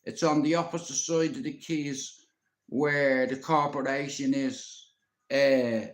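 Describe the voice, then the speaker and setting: A man's voice: mid-range voice, fairly even intonation, slow pace. A Dublin man in his fifties telling stories casually on a live stream, rambling and swearing with plenty of "you know". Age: 50s. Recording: roomy echo.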